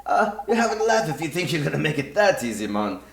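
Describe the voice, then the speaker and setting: A man's voice: a little high, very animated, fast, vocal fry, background noise, voice pushed up. Man doing a cheeky little Irish fairy. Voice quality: loud, lilting, cheeky. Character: small cheeky male fairy, fibbing and flippant. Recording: roomy room with game music.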